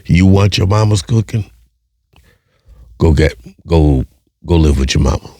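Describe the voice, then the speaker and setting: A man's voice: sits low, animated, measured pace, mellow, no room sound, studio quality. A man hosting a podcast, talking bluntly and profanely, firing off rhetorical questions and repeating himself. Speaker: podcast host. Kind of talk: casual monologue.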